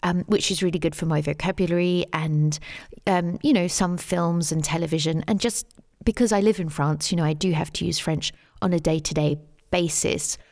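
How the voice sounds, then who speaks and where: A middle-aged woman with a London English accent, answering interview questions as the guest, measured and thoughtful, with plenty of "um" and "you know". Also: on the low side, steady tone, darkish tone. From England. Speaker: guest, English teacher and tour guide.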